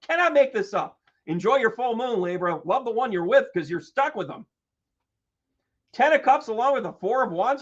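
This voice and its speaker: A man's voice: very high voice, lively intonation, moderate pace, a bit bright, muffled recording. A man doing a live-streamed tarot reading as its host, exclamatory and joking, swearing freely and greeting viewers by name. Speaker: tarot reader and medium.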